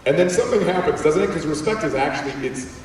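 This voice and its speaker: A young male guest speaker with a fairly high voice talks quickly to students in a school auditorium, telling a story and acting out the characters' voices. The hall is echoey, he sounds distant, and there's a slight hiss or hum.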